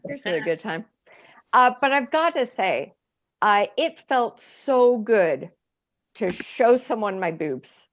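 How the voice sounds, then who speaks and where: Lively woman comic in her forties. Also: medium pitch, slow. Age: 40s. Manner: chatty, self-mocking, laughs at own jokes. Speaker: stand-up comedian. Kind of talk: online stand-up set. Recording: lo-fi stream audio.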